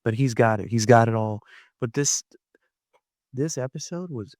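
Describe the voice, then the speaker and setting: A man's voice: medium pitch, moderate pace, darkish tone, no room sound, clean studio sound. Rambling man talking wrestling. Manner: rambling, filler-heavy, frequent restarts. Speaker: wrestling vlogger. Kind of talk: casual commentary.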